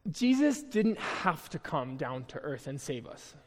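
High-voiced young man preaching in a hall. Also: big pitch swings, a little slow. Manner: chatty, self-deprecating, with many restarts. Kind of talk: casual conversational sermon. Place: church hall.

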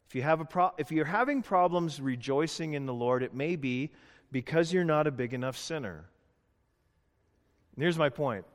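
A man preaching a sermon, emphatic and conversational, building to loud rhetorical questions. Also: fairly high pitch. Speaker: pastor. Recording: long hall reverb.

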